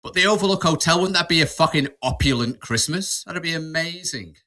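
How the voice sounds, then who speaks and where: A man's voice: a little high, lively intonation, fairly quick, bright, forceful tone. A man hosting a podcast in casual chat, reading out would-you-rather questions and laughing often. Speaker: podcast host.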